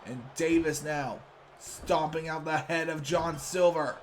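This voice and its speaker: A man giving play-by-play wrestling commentary for a video game series, with excitable announcer hype. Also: a little high, unhurried, slight background noise.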